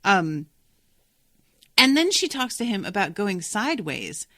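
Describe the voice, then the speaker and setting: A woman's voice: mid-range voice, big pitch swings, measured pace, fairly bright tone, no room sound, clean studio sound. A young adult woman hosting a casual book-discussion podcast, talking in a chatty way and swearing freely. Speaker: podcast host.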